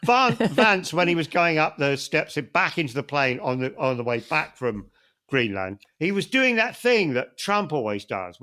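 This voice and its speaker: Sweary guy on a comedy podcast, bright voice, bouncy pitch, deadpan. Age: middle-aged. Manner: sweary, deadpan joke delivery. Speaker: podcast co-host. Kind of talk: comic podcast banter.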